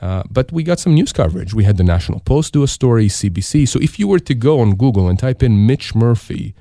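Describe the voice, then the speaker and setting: A middle-aged Canadian disability insurance lawyer, guesting on a radio talk show, speaks fast and expressively in a medium-pitched, dark voice. He gives emphatic advice and repeats rhetorical questions to stress his points, on a dry recording.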